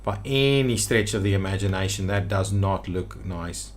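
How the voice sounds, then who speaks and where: A man's voice: low-pitched, moderate pace. A man giving gameplay commentary on a city-building game, thinking aloud with hesitant restarts as he builds. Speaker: city-builder video creator.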